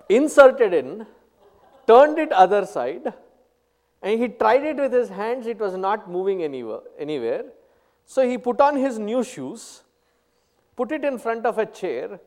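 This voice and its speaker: A man giving a spiritual talk, telling stories and explaining terms one by one in an unhurried way. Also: high-pitched, a little mellow, long reverb tail. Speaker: spiritual teacher. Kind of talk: spiritual discourse with anecdotes.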